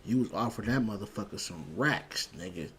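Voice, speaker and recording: A man's voice: fairly low pitch, animated, a little fast, vocal fry, fairly bright tone, a little hiss or hum. A man hosting a show, giving a blunt, heated, profane commentary rant full of repeated words. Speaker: show host.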